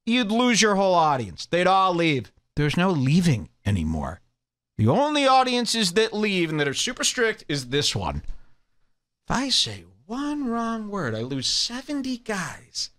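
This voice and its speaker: A man's voice: high voice, sing-song, a little slow, pushed and bright, no room sound, studio quality. A man hosting a comedy podcast, ranting in a crude, mocking and sarcastic way. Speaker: podcast host.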